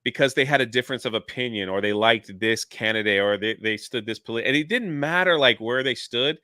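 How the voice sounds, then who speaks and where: A man on a livestream telling a long story in an animated, chatty way, jumping in and out of quotes. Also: medium pitch, brisk, no room sound, clean studio sound. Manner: animated, jumps into quoted voices. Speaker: YouTuber guest. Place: lives near a theme park in Florida.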